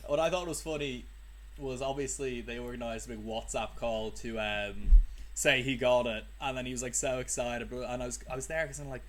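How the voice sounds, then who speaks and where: A man's voice: medium pitch, fairly even intonation, a little fast, a bit bright. Rambling young man podcaster. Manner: rambling, thinking aloud with ums. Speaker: podcast co-host. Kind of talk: casual chat.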